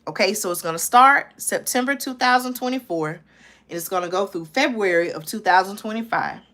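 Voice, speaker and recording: A woman's voice: medium pitch, a little fast, pushed and bright. A woman hosting her own live stream, reading a news report aloud and breaking in urgently, repeating herself and asking her viewers to listen. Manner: urgent, repeats herself, says "okay?" and "listen, y'all" often. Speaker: channel host.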